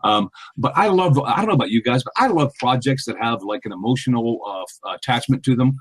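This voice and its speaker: A man co-hosting a casual podcast over a remote connection. His voice is a little husky, and he talks animatedly, stumbling through ums and restarts with frequent laughter. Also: mid-range voice, lively intonation, fast talker. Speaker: podcast co-host.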